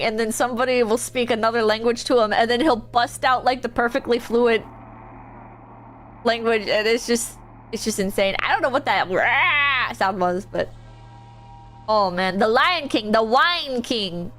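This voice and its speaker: A woman streamer chatting casually while gaming, telling a rambling story full of "like" and restarts. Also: a little high.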